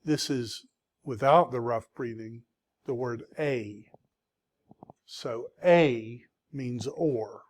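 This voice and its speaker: Slow-paced man teaching Greek vocabulary. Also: mid-range voice. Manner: patient, checks in with students. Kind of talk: classroom lecture.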